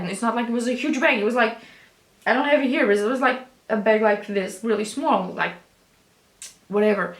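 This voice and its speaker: A woman's voice: fairly high pitch, a bit bright, roomy sound. A young woman vlogger telling a storytime in a rambling, chatty way, with casual swearing and many restarts. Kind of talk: storytime vlog.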